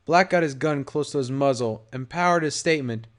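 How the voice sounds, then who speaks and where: A man narrating a fan audiobook in an expressive storytelling read. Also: a little high, moderate pace, hardly any pauses.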